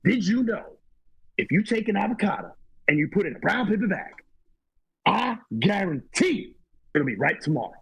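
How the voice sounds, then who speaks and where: A man doing an impression of a famous older actor, marveling in a high, wondering voice. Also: big pitch swings, normal speed, creaky, pauses often, fairly bright tone, slightly rough, heavily acted. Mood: amazed. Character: older male actor, fussy and fascinated, an impression.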